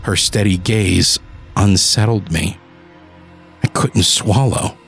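A man's voice: on the low side, fairly even intonation, takes it slowly, creaky, a bit bright, soft background music. A man narrating a first-person audio drama, turning desperate and pleading in his own lines. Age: adult. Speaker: narrator and lead character.

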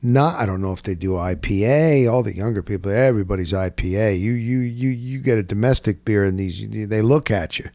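A middle-aged man, telling a rambling story in casual chat, dropping "boom" into his sentences. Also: a little fast, few pauses, no room sound. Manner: animated, punctuates with "boom". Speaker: sports radio co-host.

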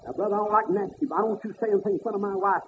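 A man preaching a fiery sermon, swinging up to high shouted peaks. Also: very fast, background noise. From American South. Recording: tinny phone-like old sermon tape.

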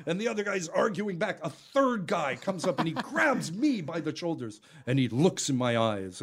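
An animated man tells a long anecdote, his pitch swinging widely as he laughs his way through it. His voice sits a little higher than average, and he stumbles through fillers and restarts as he builds to the punch lines. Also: normal speed. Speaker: guest, juggler. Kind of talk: storytelling in casual conversation.

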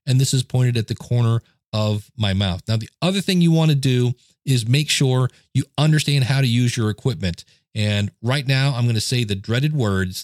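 A chatty male podcast host walks through audio tips in a relaxed, self-deprecating way. His voice sits at a middle pitch and is close-miked on a studio microphone. The sound is dry and free of room echo. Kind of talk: casual how-to talk. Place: home desk setup. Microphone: dynamic studio mic, close.

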